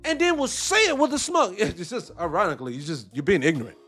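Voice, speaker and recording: High-pitched dude ranting, firing off rhetorical questions, pitch all over the place. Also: male voice, quick pace, husky, soft background music. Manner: animated, profane, rhetorical questions. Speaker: host reacting to a debate clip. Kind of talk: heated commentary.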